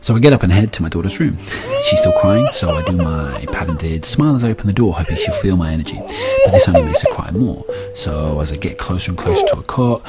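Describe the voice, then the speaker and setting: Deep-voiced dad, self-mocking and wry, music playing under the story. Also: male voice, huge pitch swings, fast talker. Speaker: storyteller, father. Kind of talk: comic personal story.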